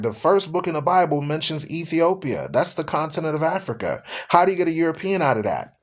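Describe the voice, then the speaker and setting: A man's voice: on the high side, sing-song, brisk, few pauses. A man who hosts a radio show, preaching in an emphatic, rhetorical way and repeating his questions for effect. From United States. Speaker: radio show host and Bible teacher.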